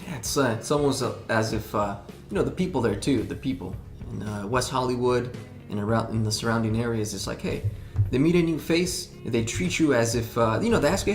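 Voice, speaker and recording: A man's voice: mid-range voice, brisk, hardly any pauses. A man, a rock band member, chatting in an interview, rambling with many restarts and fillers. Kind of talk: casual interview chat. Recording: roomy sound with background music.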